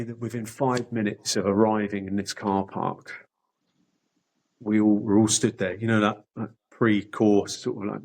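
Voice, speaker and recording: Guy, fairly low voice, rambly and sweary, spilling his story on a podcast. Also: low-quality recording. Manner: rambling, sweary, restarts often. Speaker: podcast guest. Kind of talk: candid personal storytelling.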